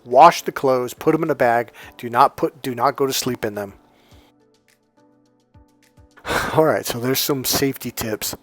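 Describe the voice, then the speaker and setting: A man talking casually as a dating coach, telling a story with lively asides and quoted voices. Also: mid-range voice, moderate pace, faint music behind. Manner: animated, mimics voices in quoted dialogue, laughs often.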